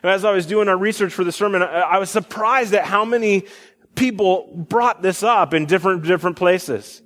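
A man's voice: high-pitched, a little fast, a bit bright. A young man in his twenties or thirties preaching a sermon, talking conversationally with fillers and restarts. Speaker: pastor. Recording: long hall reverb.

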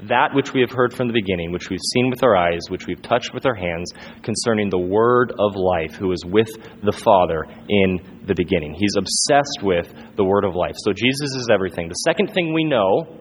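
A man preaching a sermon in an earnest way, repeating phrases for emphasis and often restarting his sentences. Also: on the low side. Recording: long hall reverb, faint room noise.

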